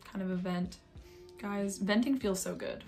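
A woman's voice: mid-range voice, measured pace, gravelly, faint music behind. A young woman talking casually and thoughtfully in a reaction vlog, with many fillers. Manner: soft-spoken, musing, filler-heavy. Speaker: vlogger reacting to videos.

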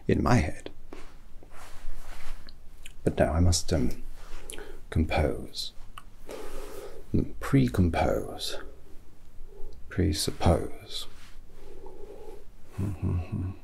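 Whispered role-play: a man playing a fussy British milliner, low, slow, gravelly and very breathy. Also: big pitch swings, a little hiss or hum, full character voice. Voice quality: soft, breathy half-whisper. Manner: pompous, rambling, punning. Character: eccentric rambling male British hat maker.

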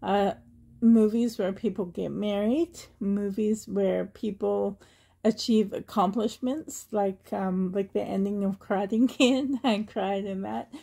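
A woman's voice: mid-range voice, steady tone, slow pace, gravelly, warm tone. A woman from Canada vlogging in a chatty, rambling way, often laughing and getting emotional. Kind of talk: casual chatty tag video.

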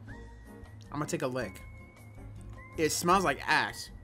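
Over soft background music, a young man with a slightly high, expressive, pushed and bright voice takes his time reviewing food on his home vlog. Captured on a camera or phone, he talks casually with slang and reacts in an exaggerated way.

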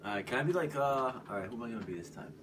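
A man guest on a comedy podcast, talking fast and swearing casually. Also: medium pitch, lively intonation. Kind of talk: casual improv chat. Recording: distant mic, clear background noise.

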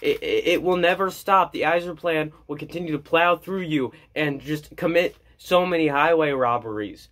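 Excitable male hockey fan. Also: a little high, normal speed, hardly any pauses. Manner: gushing, jokey, repeats himself. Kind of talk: excited fan commentary to camera.

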